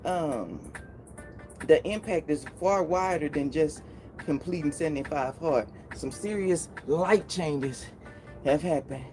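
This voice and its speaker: A woman's voice: on the low side, darkish tone. A woman in her forties hosting a casual live stream, chatting, laughing often and greeting viewers by name. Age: 40s.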